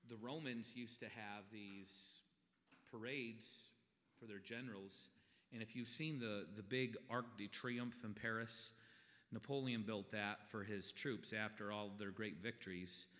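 A man's voice: lowish voice, fairly even intonation, a little slow, a bit bright. A middle-aged man preaching a sermon as a pastor in a folksy, conversational way. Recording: long reverb in a hall.

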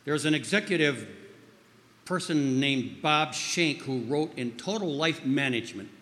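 At a church gathering, a man with a fairly high, expressive voice delivers an informal sermon full of stories at a measured pace. He rambles, restarting often and using fillers, and acts out quoted voices loudly. The recording carries a long hall reverb.

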